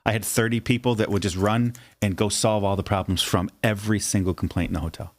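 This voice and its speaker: A man in his fifties co-hosting a casual Bible study talk show, telling stories in an animated way and acting out the voices of other people. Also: on the low side, fast. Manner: animated storyteller, acts out voices. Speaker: podcast co-host.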